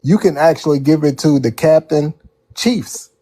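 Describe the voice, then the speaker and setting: Mellow man explaining calmly. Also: a little high, normal speed. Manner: calm, explanatory. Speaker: stream guest.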